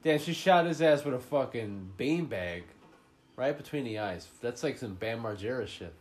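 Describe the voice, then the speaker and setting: A man's voice: medium pitch, expressive, normal speed, faint music behind. A man hosting a podcast, chatting casually about a movie while he watches it, swearing often and mocking the plot. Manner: profane, joking, mocking the plot. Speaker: podcast host.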